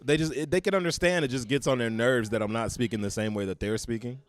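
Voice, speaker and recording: This American comedian, a guest in a casual chat, speaks fast at a medium pitch. He tells road stories in a blunt, brash, profane way.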